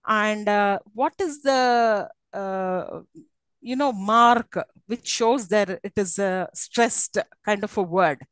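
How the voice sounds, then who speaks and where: A woman's voice: medium pitch, clean tone, no room sound, low-quality recording. A woman with an Indian English accent giving a live online university lecture, explaining at length with many fillers and restarts and often checking in with her class.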